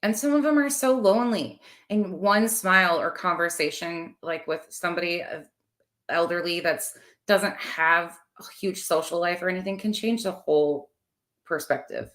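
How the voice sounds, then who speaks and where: Woman, 30s, low voice, rambling livestream host chatting with viewers. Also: normal speed, a bit bright. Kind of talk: casual livestream chat.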